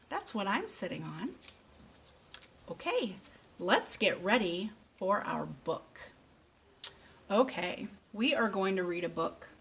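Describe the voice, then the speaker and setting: A woman reading a picture book aloud slowly and patiently, stopping to ask a child questions. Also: lowish voice, fairly bright tone, husky. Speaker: speech therapist.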